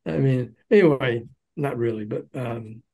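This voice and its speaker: An older man, a former record promoter, telling animated anecdotes in a podcast interview and acting out the quotes. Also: mid-range voice, a little slow, gravelly, muffled recording.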